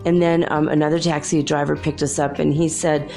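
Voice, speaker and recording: A woman's voice: sits low, little pitch movement, a little fast, creaky, dark tone, faint music behind. A woman hosting a podcast, chatting through a rambling, casual story and laughing often. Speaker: podcast host.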